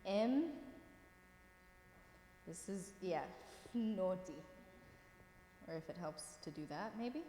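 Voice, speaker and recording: A woman's voice: lowish voice, expressive, slow pace, pauses often, mellow. A woman teaching a language class, reading words aloud and patiently checking that her students follow. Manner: patient, encouraging, checks in often. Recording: roomy echo with long reverb, faint room noise.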